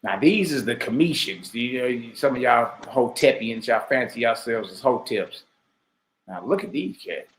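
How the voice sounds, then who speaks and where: A man giving heated, mocking reaction commentary, repeating himself and bursting into shouts. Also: medium pitch, lively intonation, normal speed, slight background noise. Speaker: online commentator. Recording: roomy echo.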